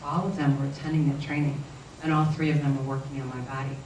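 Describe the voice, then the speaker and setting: A woman telling a personal story in an earnest, halting way, often restarting her sentences. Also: a bass voice, flat delivery, darkish tone. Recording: roomy, distant mic, faint noise.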